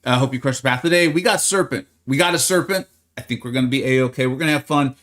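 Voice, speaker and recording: A man's voice: medium pitch, fast, a bit bright. A man hosting a live game stream, chatting in an upbeat, friendly way and greeting viewers by name as he talks through his plans.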